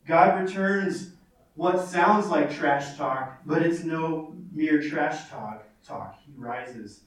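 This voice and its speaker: Echoey preaching man, voice pitched high. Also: takes it slowly. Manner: earnest expository preaching, reads scripture aloud, repeats phrases. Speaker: pastor. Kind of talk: sermon. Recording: very echoey, from far off.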